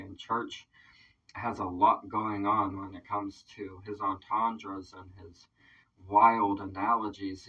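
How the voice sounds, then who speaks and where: Guy doing a reaction vid, kinda slow, swears a lot, says like constantly, muffled audio. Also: on the low side, slightly rough. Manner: excitable, swears freely, fills with "like". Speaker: reaction video host, independent artist. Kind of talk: casual reaction commentary. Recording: dull sound, slightly distant mic.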